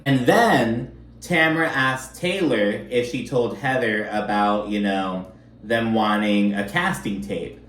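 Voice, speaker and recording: A man's voice: mid-range voice, a bit bright, echoey room, distant mic. A man giving a sassy, profane recap of a reality show, full of gossip and swearing. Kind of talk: casual recap commentary.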